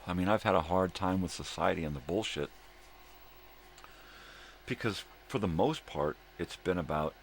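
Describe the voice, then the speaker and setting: A man's voice: deep voice, normal speed, long pauses, a little hiss or hum. A man hosting his own daily video show, ranting in a profane, angry monologue. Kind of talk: casual monologue.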